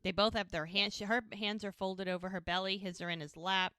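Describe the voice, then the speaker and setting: A woman's voice: mid-range voice, fairly even intonation, a little fast, pushed and bright, clean tone. A woman co-hosting a podcast, casually recapping a TV episode scene by scene and acting out the characters' lines. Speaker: podcast co-host.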